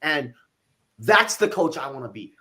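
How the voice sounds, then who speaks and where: A man who owns a gym, telling a coaching story in a casual interview, animated and blunt, with some swearing. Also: mid-range voice, a little slow. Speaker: gym owner and fitness coach.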